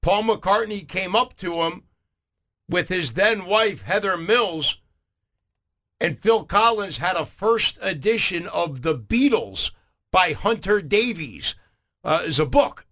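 A man hosting a morning radio show, telling a story in a relaxed way and often repeating words. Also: high voice, slow pace. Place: radio studio. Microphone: studio microphone.

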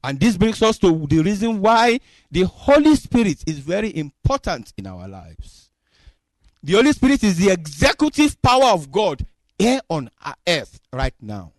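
A man preaching a sermon, acting out dialogue with God in an expressive way. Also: high voice, normal speed, dry recording.

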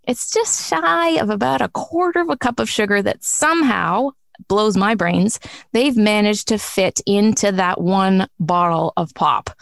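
A woman's voice: medium pitch, unhurried, creaky, no echo, clean studio sound. A woman in her forties hosting a podcast about food, chatting casually and laughing often. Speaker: host.

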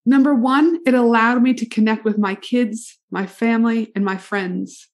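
An enthusiastic middle-aged woman hosting a solo podcast, speaking straight to the listener with upbeat energy. Her voice sits a little high. She talks like a business coach sharing her story. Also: steady tone, moderate pace. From Canada.

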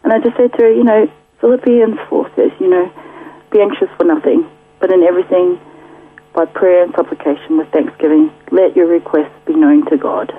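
A woman shares her story as a radio guest in a chatty, filler-filled way, laughing often. Her voice is husky. She is heard over a thin, tinny phone line. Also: fairly low pitch, steady tone, a little fast. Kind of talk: casual testimony.

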